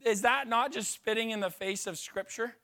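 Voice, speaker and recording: High-voiced preacher, chatty and joking. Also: male voice, moderate pace, bright, forceful tone. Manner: conversational, tagging "right?", joking asides. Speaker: pastor. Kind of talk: sermon.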